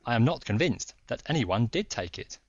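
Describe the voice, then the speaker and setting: Calm, shrewd detective, read by a man, deliberate, dry and dull sound. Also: mid-range voice, no echo. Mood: probing.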